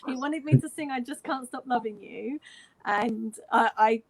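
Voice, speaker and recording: A woman's voice: a little high, normal speed. An English woman in her forties, a fan, telling a story in a casual way on a video call, quoting dialogue and laughing often. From London, England. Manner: animated retelling with quoted dialogue and frequent laughter. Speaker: fan guest sharing a story.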